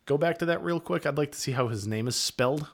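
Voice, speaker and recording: A man's voice: fairly high pitch, fast, creaky. A man chatting casually about a film he loves, easygoing and swearing now and then. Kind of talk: casual movie commentary chat.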